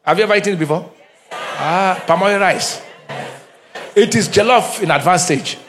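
A man's voice: high-pitched, moderate pace, background noise. A middle-aged man, a pastor preaching a humorous sermon with call-and-response and Pidgin asides in a church.

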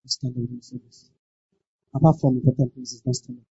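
A pastor preaching a sermon, emphatic, repeating lines and breaking into shouted exclamations. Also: medium pitch, fairly even intonation, fast talker, dry recording. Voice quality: very husky. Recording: dull lo-fi dry recording.

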